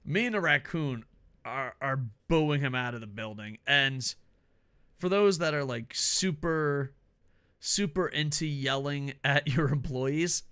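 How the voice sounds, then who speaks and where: A man co-hosting a wrestling podcast in casual chat, animated and jokey, laughing often. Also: a little high, slow, clean tone. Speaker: podcast co-host.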